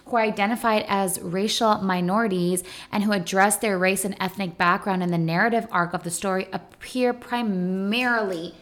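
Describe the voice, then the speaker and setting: A woman's voice: medium pitch, steady tone, moderate pace, hardly any pauses, a bit bright. A young adult woman co-hosting a podcast, talking emphatically and posing rhetorical questions. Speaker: podcast co-host. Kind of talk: casual podcast discussion.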